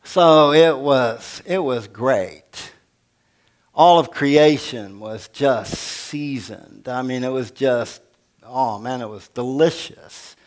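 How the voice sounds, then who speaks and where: Slow-preaching older male pastor. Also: mid-range voice. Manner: folksy, humorous preaching that asks the congregation questions. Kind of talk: sermon.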